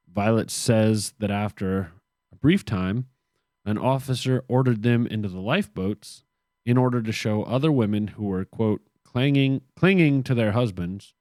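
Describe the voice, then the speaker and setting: A man's voice: fairly low pitch, darkish tone, dry recording, studio quality. A man co-hosting a casual podcast, reading history from his notes with joking, sarcastic asides. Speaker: podcast co-host.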